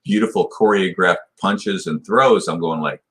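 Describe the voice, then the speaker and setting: A man's voice: sits low, moderate pace. A man in his sixties, a guest in a podcast interview, telling a long story with many restarts and "you know" fillers. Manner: rambling retelling, full of "you know" and restarts. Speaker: podcast guest, martial arts black belt.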